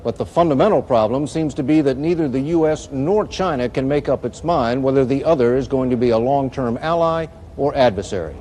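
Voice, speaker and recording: A man narrating a television news report as a correspondent, in a steady, even manner. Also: medium pitch, brisk, hardly any pauses, slight background noise.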